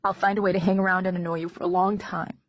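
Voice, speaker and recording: A woman voicing a calm, seriously ill teenage boy who talks quietly and holds back tears. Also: lowish voice, fast talker, no room sound, lightly acted. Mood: tender. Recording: dull lo-fi recording.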